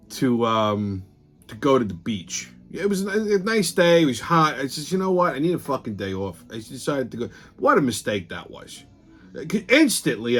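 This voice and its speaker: A man's voice: medium pitch, fairly bright tone. Profane ranting New man. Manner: profane, blunt, storytelling with quoted exchanges. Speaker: host. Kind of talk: ranting casual monologue.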